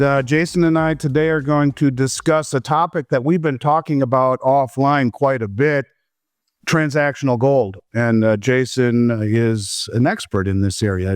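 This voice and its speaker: A man's voice: medium pitch, clear, resonant tone, no echo. Male podcast host, chatty and rambling, dry close sound. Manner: friendly, rambling with many fillers and restarts. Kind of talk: casual interview chat.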